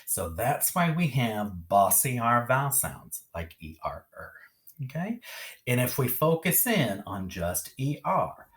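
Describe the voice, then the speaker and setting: A man teaching a phonics lesson on a video, speaking in a lively sing-song teacher voice and often checking in with "okay?". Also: medium pitch, unhurried.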